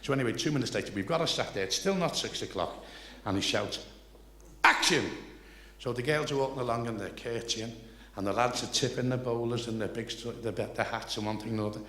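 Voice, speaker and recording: An older comedian with a Liverpool accent tells rambling, salty anecdotes on stage, his medium-pitched voice moving fast and building excitement toward each punchline. It's live stand-up storytelling, recorded in an echoey venue with faint noise.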